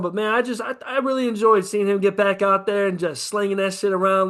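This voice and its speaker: A man's voice: sits high, steady tone, fairly quick, few pauses, fairly bright tone. A man co-hosting a casual sports podcast, rambling and profane about football teams. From American Midwest. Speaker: podcast co-host.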